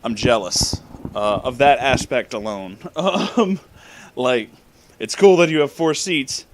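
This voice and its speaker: A man's voice: mid-range voice, takes it slowly. A young man casually telling a story about a road trip, swearing freely and laughing often. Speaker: vlogger.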